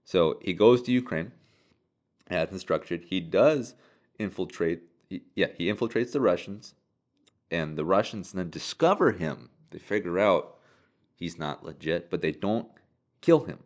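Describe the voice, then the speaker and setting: A man's voice: low voice, lively intonation, unhurried. A man hosting a podcast, casually recapping a TV episode in a rambling way, full of fillers and restarts. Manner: rambling, filler-heavy, with frequent restarts and chuckles. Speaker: podcast host.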